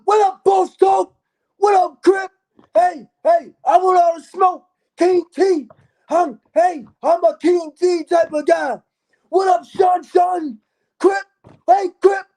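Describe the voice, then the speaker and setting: A man putting on a loud male street hype man who keeps shouting out names on a livestream. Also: very high-pitched, pitched above the performer's own voice. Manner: shouting, rapid shout-outs. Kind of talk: livestream character bit.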